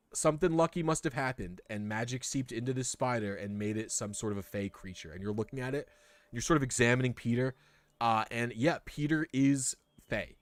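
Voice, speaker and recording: A man's voice: medium pitch, no echo. A young man runs a tabletop game over voice chat. He talks in a loose, rambling way, full of fillers. His mid-range voice sounds dry and close on the mic. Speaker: game master.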